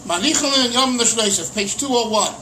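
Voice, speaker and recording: Bright high-voiced rabbi teaching. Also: male voice, normal speed, a little hiss or hum, rough recording. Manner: explains text line by line, acts out questions. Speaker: rabbi teaching Chassidic texts. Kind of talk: casual Torah lesson.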